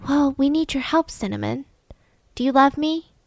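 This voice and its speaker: A woman's voice: high-pitched, normal speed, gravelly, darkish tone, dry recording. A woman voicing a controlling, manipulative father who coaxes and insists. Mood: coaxing. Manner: insistent, coaxing, urgent.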